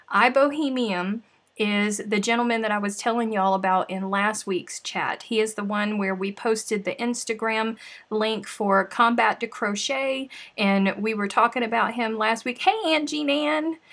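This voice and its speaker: A woman with a drawl hosts a relaxed crafting livestream. Her voice sits somewhat high, and she chats in a playful, easygoing way, sighing and laughing as she talks to her viewers. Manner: chatty and playful, with frequent sighs and laughs. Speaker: livestream host. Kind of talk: casual livestream chat.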